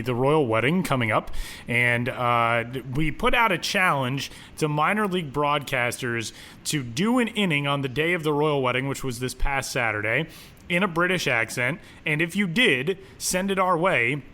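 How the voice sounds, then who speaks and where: Chatty bright-voiced podcast host. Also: male voice, a little high. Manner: chatty, laughing, informal. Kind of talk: casual podcast chat.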